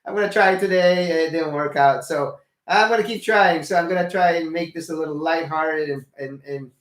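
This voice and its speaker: A man's voice: fairly high pitch, normal speed, fairly bright tone. An older man, a nurse from the Philippines, giving a rambling casual video update full of fillers and blunt swearing. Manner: rambling, many fillers and restarts. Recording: echoey room.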